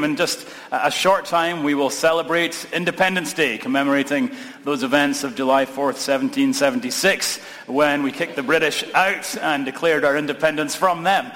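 Scottish pastor preaching in a reverberant hall. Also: male voice, a little high, moderate pace, fairly bright tone. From Scotland. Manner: conversational, lightly humorous preaching. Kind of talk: sermon. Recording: long reverb of a large hall.

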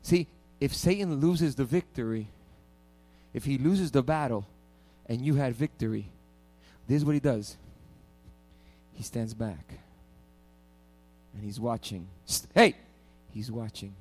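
A man's voice: medium pitch, a little slow, long pauses, darkish tone, soft background music. A male pastor preaching a sermon with playful call-and-response and strong emphasis.

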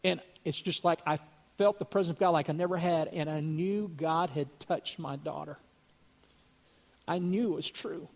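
A man's voice: on the high side, normal speed, pauses often. A man earnestly telling a religious testimony story, acting out what other people said.

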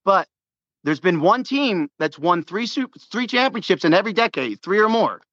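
A man telling a sports story in casual chat, excitable and full of restarts, acting out his own shouts. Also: high-pitched, normal speed, no room sound, muffled recording. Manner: many restarts and repeated words.

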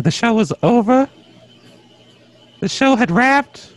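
Very high-voiced, mock-indignant man. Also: lively intonation, slow pace. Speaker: co-host. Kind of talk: comedic podcast bit. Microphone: call audio.

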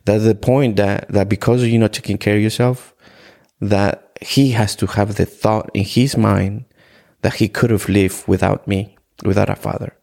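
A middle-aged man from Ecuador speaks in a low, rough voice with a lot of fry. He tells his own life story as a podcast guest, often halting and restarting. He brings the memories to life by quoting what people said. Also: little pitch movement, darkish tone. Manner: halting, repeats words, retells scenes in quoted dialogue. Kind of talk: personal testimony in a conversation.

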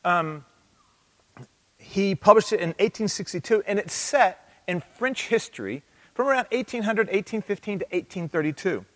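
A man preaching an interactive sermon, animated and calling out to the congregation for answers. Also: high voice, normal speed, in a large hall.

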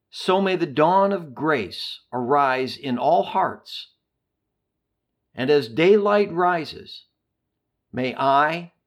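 A man reading as a gentle, loving Jesus. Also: a little high, exaggerated voice.

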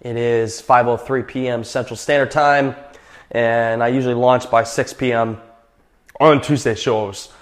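A man's voice: medium pitch, steady tone, a little slow. A man hosting his own podcast, a little out of breath after a workout, talking casually in a rambling, self-assured, motivational way. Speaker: podcast host. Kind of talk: casual solo podcast talk.

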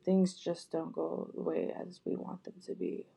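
A woman speaking gently and directly to her viewers, repeating heartfelt apologies and words of comfort. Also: fairly low pitch, little pitch movement, measured pace, vocal fry, husky. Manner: gentle, soft-spoken, repetitive, with frequent restarts. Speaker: vlogger.

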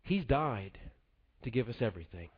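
A man preaching a sermon in a measured, earnest way to a congregation. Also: mid-range voice, very animated, slightly rough. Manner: measured, earnest delivery dropping soft at the close. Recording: dull lo-fi sound.

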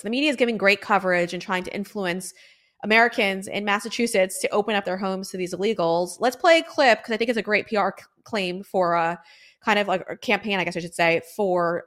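A woman hosts a political talk show, delivering opinionated commentary in an emphatic, conversational style full of fillers. Her voice is mid-range and a bit bright.

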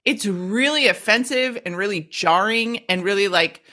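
Woman on a recovery podcast, bright sharp voice, blunt and worked up, laughs a lot. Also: medium pitch, moderate pace. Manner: blunt, animated, swears, laughs often. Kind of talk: casual recovery talk.

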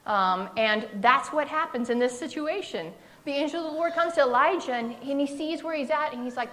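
Woman preacher, conversational sermon, slightly higher voice, acts out quotes with humor. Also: moderate pace, a bit bright, slight background noise.

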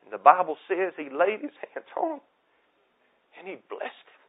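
A man in midlife delivers a sermon with passionate, climbing intensity. His voice sits slightly high for a man. The sound is thin and tinny, as if over a phone line. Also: huge pitch swings, moderate pace. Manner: preaching with rising, impassioned intensity. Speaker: pastor.

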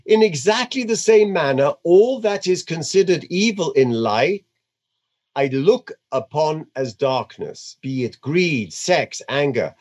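A man putting on an Indian accent to voice a male guru, reading slowly and deliberately with stressed words. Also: on the high side, animated, a little mellow. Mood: solemn. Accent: put-on Indian.

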